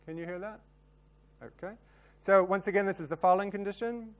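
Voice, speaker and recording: A man's voice: high-pitched, fairly quick, clear, resonant tone. A man giving a plenary academic lecture, explaining research results step by step with the occasional um. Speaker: conference plenary speaker.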